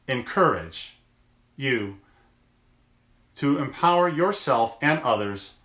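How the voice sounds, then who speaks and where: A man speaks in a motivational daily message, unhurried and deliberate, leaning into single words to stress them. His tone is bright and forward. The room around him rings with noticeable echo. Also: mid-range voice. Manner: slow, deliberate, gentle encouragement with drawn-out words. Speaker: chiropractor.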